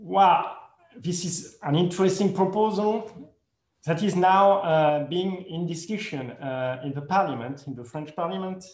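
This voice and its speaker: A man giving a conference presentation in careful non-native English, hesitant and full of pauses and fillers, correcting himself as he goes. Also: high-pitched, darkish tone. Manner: speaks English as a second language. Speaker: conference speaker. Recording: echoey room.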